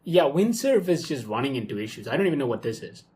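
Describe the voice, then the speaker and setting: A young man casually talking through his coding workflow live at his computer, excitable and thinking aloud with frequent okays and ums. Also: medium pitch, fast talker. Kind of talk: casual live screen-recorded walkthrough.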